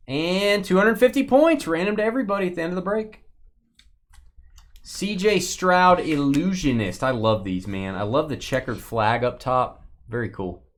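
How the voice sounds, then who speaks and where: A man hosting a live sports card break, reading out names and teams in quick bursts and joking with viewers. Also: mid-range voice, a bit bright.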